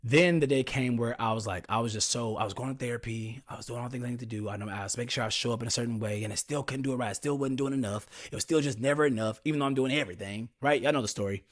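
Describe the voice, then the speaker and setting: A man's voice: medium pitch, very fast, few pauses. A young man, hosting a podcast and telling a personal story in a candid, confiding way, talking straight to his listeners. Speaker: podcast host.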